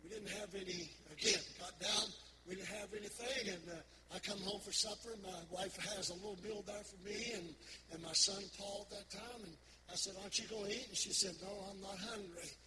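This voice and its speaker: Older pastor with a high voice. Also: male voice, fairly even intonation, a little fast. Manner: folksy storytelling with repetitions. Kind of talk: sermon testimony. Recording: loud background noise.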